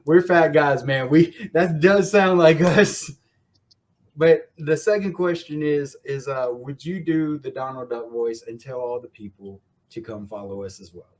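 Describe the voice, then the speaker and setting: A man's voice: fairly high pitch, unhurried. Easygoing podcast host man. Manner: friendly, rambling, laughs often. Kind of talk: casual podcast chat.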